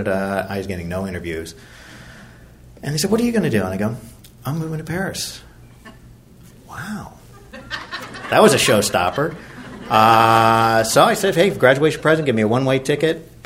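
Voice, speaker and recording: A man's voice: mid-range voice, slight background noise. Rambling middle-aged man telling a recovery story. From Virginia, USA. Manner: rambling, self-deprecating, with many fillers and restarts. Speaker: recovery meeting speaker.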